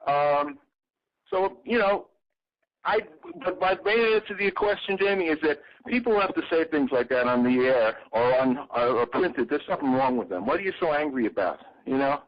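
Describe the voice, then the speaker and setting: An older man talks through a long anecdote in a rather high voice that swings up and down a lot. His voice is dry and a bit dull, as over a lo-fi call. He acts out the people he quotes. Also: normal speed, dry recording. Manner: animated storyteller, acts out quoted lines in a raised voice. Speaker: interview guest, former bandmate and exhibit designer. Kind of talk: casual interview talk, long anecdotes.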